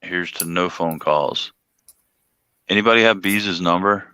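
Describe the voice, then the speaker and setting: A man's voice: low voice, unhurried, bright, forceful tone, smooth, dry recording. A man from Georgia with a Southern accent, chatting casually and laughing through his stories. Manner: laughs while telling stories, drawling slang. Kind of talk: casual chat.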